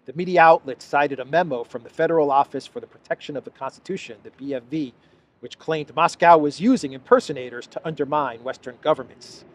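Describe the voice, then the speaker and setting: A man's voice: fairly high pitch, fairly quick. A man hosting a solo political commentary show, reading news excerpts aloud and mocking them sarcastically, often restarting his sentences.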